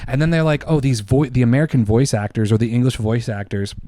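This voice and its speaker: A man co-hosting a podcast, delivering a heated, profane opinion rant, loud and emphatic. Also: mid-range voice, fast talker, dry recording, studio quality. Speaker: podcast co-host.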